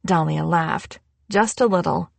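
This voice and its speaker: A woman reading an audiobook in a measured, unhurried scripted narration. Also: fairly low pitch, gravelly, dry recording.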